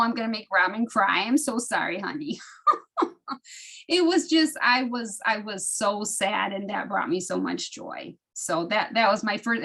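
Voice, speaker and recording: A woman in her fifties shares personal stories with her study group over a video call. She talks in an animated, emotional way, her voice jumping up as she gets caught up in the telling, and she often starts a sentence over. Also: mid-range voice. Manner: animated, emotional storytelling with frequent restarts. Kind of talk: casual personal sharing.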